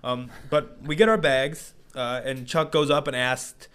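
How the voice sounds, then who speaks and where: A man's voice: mid-range voice, measured pace, clear, resonant tone. A young man telling wrestling road stories in a casual podcast chat, laughing often. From United States. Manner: laughing storyteller, animated. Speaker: pro wrestler guest.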